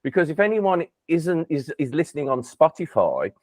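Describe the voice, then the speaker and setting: A man's voice: a little high, very animated, normal speed, a little mellow, no echo, studio quality. A man hosting an interview in a playful, teasing way with plenty of fillers, over a video call. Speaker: podcast host. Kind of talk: casual interview.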